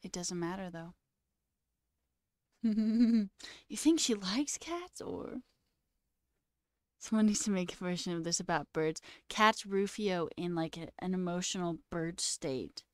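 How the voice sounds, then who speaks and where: A woman's voice: fairly low pitch, slow, pauses often, no room sound, studio quality. A woman hosting a livestream, chatting casually with viewers, giggly and now and then dropping into a whisper. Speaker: livestream host.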